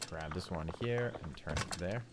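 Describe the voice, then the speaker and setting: A man hosting a relaxed game livestream in casual commentary, upbeat and chuckling often. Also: low-pitched, normal speed, heavy background noise. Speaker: livestream host.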